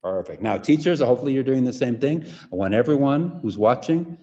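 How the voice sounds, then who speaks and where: A man's voice: mid-range voice, sing-song, normal speed, mellow. A man presenting an interactive workshop for English teachers, demonstrative and often checking in with the audience. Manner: demonstrative, keeps checking in with "right?". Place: conference venue away from home. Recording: echoey hall, dull lo-fi sound.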